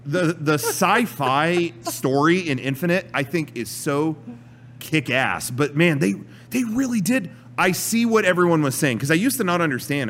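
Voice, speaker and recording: A man talks through video games on a podcast and acts out the action with loud exclamations. His voice sits a little high and swings widely in pitch. A faint hum runs underneath. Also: big pitch swings, normal speed. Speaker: podcast co-host. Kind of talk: casual chat about video games.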